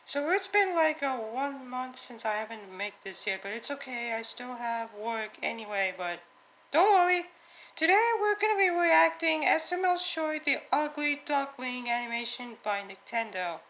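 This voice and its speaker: A woman hosting her own reaction video, chatting casually and breaking into excitable, gasping exclamations. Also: sits high, normal speed. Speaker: reaction channel host.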